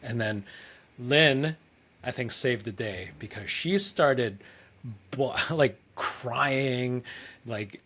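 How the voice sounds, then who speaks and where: A man's voice: medium pitch, drawn-out words, a bit bright. Rambling young man telling a travel story. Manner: rambling, lots of "like", acts out quoted dialogue. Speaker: podcast co-host. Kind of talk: casual storytelling chat.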